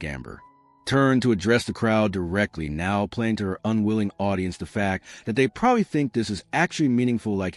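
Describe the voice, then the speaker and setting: A man narrating a scripted story in a steady storytelling manner. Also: lowish voice, fairly quick, no room sound, faint music behind.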